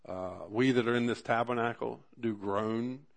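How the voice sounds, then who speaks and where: A man preaching a sermon, talking through scripture in an earnest, conversational way, with swelling emphasis and drawn-out words at key moments. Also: medium pitch, creaky. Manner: earnest, conversational asides to the congregation. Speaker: pastor.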